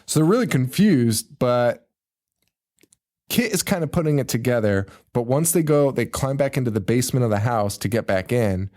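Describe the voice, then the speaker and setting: This is a man on a podcast, recounting a horror movie in loose, casual chat. His voice sits in an ordinary middle pitch. He jumps into high screams and put-on voices for the characters, laughs often, and swears freely. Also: moderate pace. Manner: animated storyteller who acts out characters with screams and laughs. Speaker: podcast co-host.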